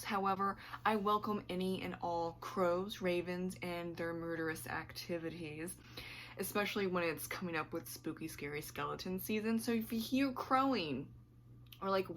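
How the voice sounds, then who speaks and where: A woman's voice: on the low side, a bit bright, slight background noise. A woman book vlogger chatting casually to camera at home, rambling and laughing often, her voice slightly worn.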